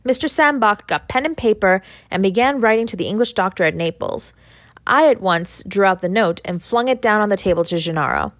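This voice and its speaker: A woman narrating a classic short story as an audiobook, in a measured, even reading. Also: medium pitch, no echo, studio quality. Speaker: audiobook reader.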